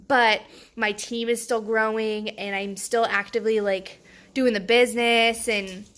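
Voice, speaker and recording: A young woman chatting casually to camera in a personal vlog, excitable and quick to laugh, with lots of fillers. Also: on the high side. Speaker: vlogger.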